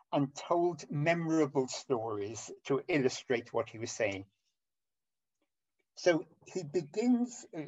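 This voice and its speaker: Halting older preacher, lo-fi. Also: male voice, on the high side, a little mellow. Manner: halting, with many ums and restarts. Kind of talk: sermon over an online call. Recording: dull lo-fi audio.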